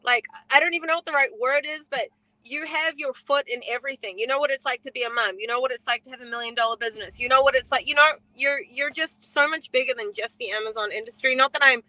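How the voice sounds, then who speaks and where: A woman's voice: sits high, quick pace, sharp tone, no room sound, rough recording. A woman co-hosting a podcast, talking in an effusive, gushing way with many fillers. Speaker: co-host. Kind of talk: casual podcast chat.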